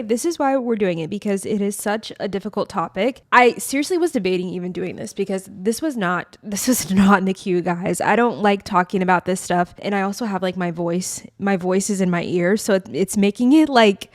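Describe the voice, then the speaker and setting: A woman hosting her own podcast, speaking candidly and conversationally in a mid-range voice. Her talk is loose and confessional, peppered with "like" and "literally". The sound is dry and close, with no room echo. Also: medium pitch. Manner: chatty, confessional, with frequent 'like' and 'literally'. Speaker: podcast host. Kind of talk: candid solo storytelling. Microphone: podcast microphone.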